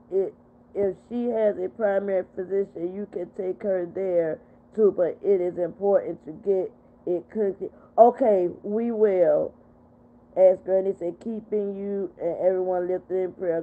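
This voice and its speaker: An older woman, upset and tearful, talking on her livestream and reading out viewer comments. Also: lowish voice. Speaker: livestream host. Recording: tinny phone-quality audio.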